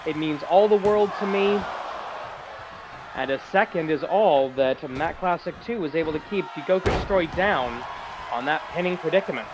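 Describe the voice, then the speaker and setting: Excitable high-voiced male wrestling commentator. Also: normal speed, lo-fi sound. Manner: excitable, jokey asides. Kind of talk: play-by-play commentary. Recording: loud crowd and noise behind.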